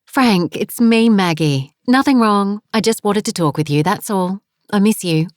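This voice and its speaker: A woman's voice: medium pitch, expressive, measured pace, no room sound, clean studio sound, pitched above the performer's own voice, natural voice. Woman voicing a weary worried mother. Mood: tired. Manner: tender and anxious. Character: weary middle-aged mother, worried but gentle.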